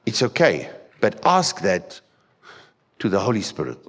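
A South African man, Afrikaans by birth, preaching from the pulpit with a somewhat low voice. He is emphatic and animated, firing rhetorical questions at the congregation as he goes. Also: measured pace, husky. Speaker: pastor. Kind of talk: sermon. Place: church hall.

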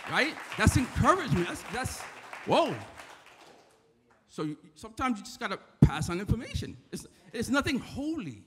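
A man's voice: very high voice, big pitch swings, moderate pace, background noise. A man from the Bronx with a New York accent, giving a casual sermon in church and often asking "right?". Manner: conversational, repeats "right?" to the crowd. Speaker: church member giving a talk. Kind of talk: informal sermon. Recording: echoey church hall.

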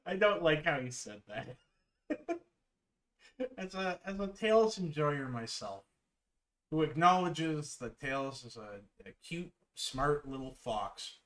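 A man's voice: fairly high pitch, fairly bright tone. A young man casually commenting on videos as a streamer, laid-back, swearing and laughing often.

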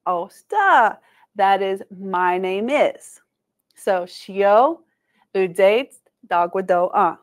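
A woman leads a language lesson for schoolchildren at a museum talk. She is encouraging and patient, and she breaks words into slow syllables for the group to repeat back to her. Her voice sits at an ordinary middle pitch. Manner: encouraging, call-and-response, slows to sound out syllables. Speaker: Cherokee language and culture educator. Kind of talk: teaching a children's language lesson. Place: museum presentation room.

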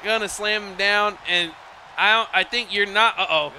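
A high-voiced man calls wrestling video game action play by play, gasping and exclaiming at every move while putting on a mock accent. The voice sits high for a man, and a steady hiss of noise runs underneath the recording. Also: normal speed. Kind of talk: excited play-by-play commentary.

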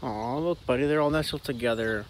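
A man vlogging outdoors on a farm with his dog, chatting casually and talking to the dog in a high sing-song voice. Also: fairly quick, slight background noise. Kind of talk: casual vlog narration. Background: faint outdoor ambience.

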